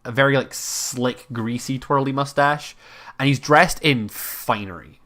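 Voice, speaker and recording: A man's voice: mid-range voice, unhurried, sharp tone. A man narrating as game master of a tabletop game, rambling with frequent fillers.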